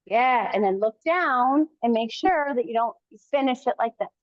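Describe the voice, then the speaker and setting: A woman coaching a kettlebell workout live, giving calm encouraging cues in short phrases. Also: a little high, moderate pace, no echo, highs cut off. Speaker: fitness coach.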